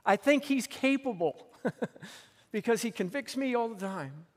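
A man's voice: extremely high pitch, animated, a little slow, in a large hall. A man preaching a sermon as pastor on a church stage, telling a story earnestly and repeating phrases for emphasis.

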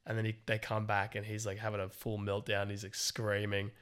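A young man co-hosting a casual podcast, swearing often as he tells animated stories. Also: on the low side, fairly quick, smooth. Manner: crude, swears a lot, animated storytelling. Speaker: podcast co-host.

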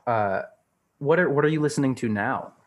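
A man's voice: medium pitch, moderate pace. A young man co-hosting a casual podcast chat, playful and self-mocking as he spins a joking story.

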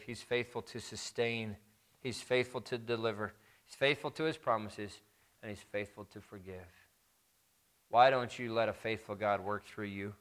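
Low-voiced man preaching a sermon. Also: a bit bright. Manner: emphatic repetition of key phrases. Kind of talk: sermon with storytelling and prayer.

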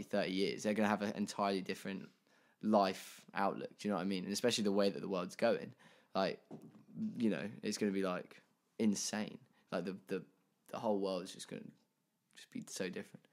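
A man's voice: sits low, fairly even intonation, fairly quick. A man, co-hosting a casual podcast and telling stories in a rambling way full of fillers and restarts. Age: 20s. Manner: rambling, filler-heavy storytelling with many restarts. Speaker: podcast co-host. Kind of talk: casual chat.

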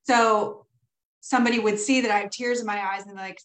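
A woman's voice: medium pitch, steady tone, fairly quick, a bit bright, reverberant, poor audio. A woman hosting a podcast in casual chat, candid, swearing freely and laughing often. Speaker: podcast host.

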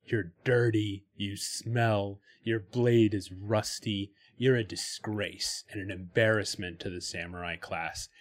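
A man voicing a small male Zen monk who speaks with slow, cutting disdain in a read-aloud fable. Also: lowish voice, fairly even intonation. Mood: disdainful.

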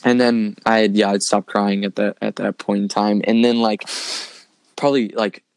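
A young man tells a story in a loose, rambling way and fills his sentences with "like" and "dude". His voice sits on the low side and sounds close and dry, with no room around it. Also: steady tone, normal speed, vocal fry, clean tone, no room sound. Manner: rambling, filler-heavy, says "like" and "dude" often. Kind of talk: casual storytelling chat.

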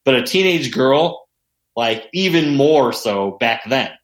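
A man telling stories in a casual chat, animated and heavy on swearing. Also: mid-range voice, takes it slowly, a little hiss or hum. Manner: profane, animated storyteller. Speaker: podcast guest. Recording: roomy echo.

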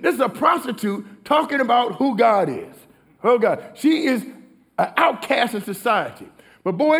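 A pastor delivering a sermon in a high, gravelly voice. He alternates between reading scripture and explaining it in a conversational tone. He rises to loud, emphatic declarations, then drops to hushed asides.

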